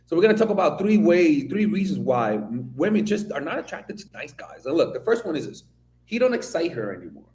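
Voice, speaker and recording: A man's voice: fairly high pitch, fairly quick. Male commentator from the Dominican Republic, blunt and profane, on a roomy, echoey recording. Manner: blunt, profane, animated storytelling. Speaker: video commentator. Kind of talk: opinion commentary monologue.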